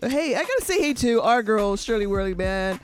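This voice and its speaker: A woman's voice: fairly high pitch, very animated, a little fast, faint music behind. Giggly American woman co-hosting radio. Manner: giggly, chatty, plays with accents. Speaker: radio co-host. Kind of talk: casual radio chat.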